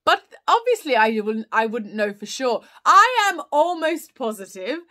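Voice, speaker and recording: A woman's voice: high-pitched, sing-song, a little slow, bright, forceful tone. A woman hosting a casual live chat, answering viewer questions in a rambling way with many fillers and restarts.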